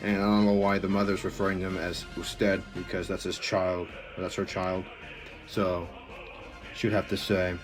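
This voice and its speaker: A man's voice: low-pitched, little pitch movement, normal speed, music in the background, rough recording. A man casually commenting on his own old comic, rambling and poking fun at his mistakes. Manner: self-deprecating, rambling.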